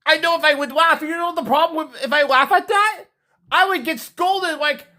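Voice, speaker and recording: A man's voice: very high-pitched, moderate pace. A man telling a story to his viewers in a rambling, repetitive way, ending with a moral and a sign-off. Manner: rambling, animated, repeats himself. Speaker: vlogger. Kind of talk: casual storytelling to camera.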